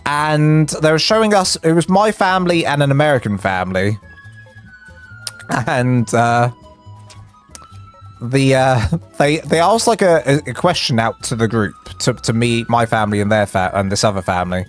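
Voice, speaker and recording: A chatty English man streams a building game live, rambling through stories and reactions to chat. His voice leaps up in pitch whenever something excites him. Faint music plays under his talk. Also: normal speed. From England.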